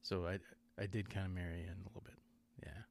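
A man's voice: low-pitched, little pitch movement, fast, a little mellow. A man hosting a podcast in casual chat, rambling and digressing, often correcting himself mid-sentence. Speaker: podcast host.

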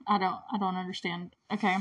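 Speaking at a moderate pace in a lowish voice with little pitch movement, a movie reviewer casually recaps a film. She's chatty and giggly with nonstop "like" fillers, and she's a bit distant from the mic.

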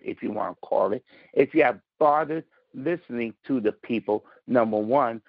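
A man's voice: mid-range voice, normal speed, vocal fry, no room sound, muffled recording. A man calling in to a political podcast, talking in a combative, emphatic way and stressing his words. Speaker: caller. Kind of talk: call-in political commentary.

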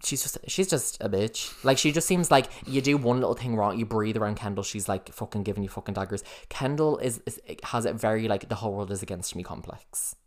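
A man's voice: fairly low pitch, a little fast, hardly any pauses. A man co-hosting a casual podcast chat who acts out celebrity quotes with lots of energy. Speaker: podcast co-host.

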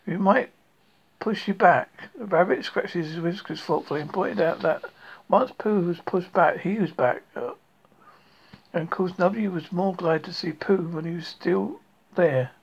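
Storybook reading, husky voice, unhurried, lo-fi sound. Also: medium pitch, a little mellow. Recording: lo-fi recording.

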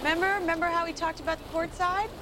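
A woman's voice: very high-pitched, little pitch movement, rapid-fire, background noise. An actress playing an impatient young woman teaching a friend to sail, scolding and exasperated. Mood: coaxing. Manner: exasperated, scolding, talks herself into panic. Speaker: sailing teacher. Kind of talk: sitcom acting.

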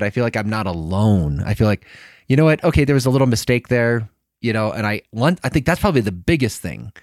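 A man in his thirties with a very deep voice speaks warmly and earnestly, laughing easily as he talks. The recording is dry and close. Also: very animated, quick pace, no echo. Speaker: podcast co-host. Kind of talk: casual conversation about marriage and faith.

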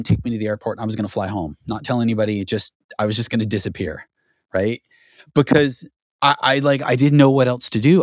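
A record producer from Southern California, appearing as a podcast guest, tells a long story in a casual storytelling interview, talking in an animated rush full of restarts and "like". His voice is at an ordinary middle pitch, and the sound is dry and close, with no room echo.

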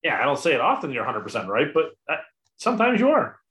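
A man's voice: a little high, huge pitch swings, quick pace, sharp tone. A man co-hosting a sports podcast, chatting in an easygoing, agreeable way. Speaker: podcast co-host. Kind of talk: casual sports chat.

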